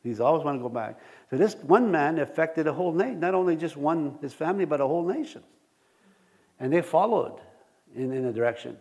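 With a voice on the high side and a brisk delivery, a pastor addresses his church congregation. He animatedly tells everyday personal stories, chuckles often, and keeps asking the listeners questions throughout the sermon.

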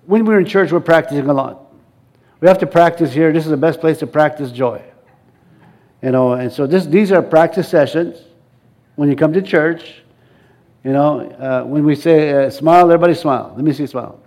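A male pastor preaching a sermon in a church, lively and coaxing the congregation to answer back and join in. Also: fairly high pitch, moderate pace.

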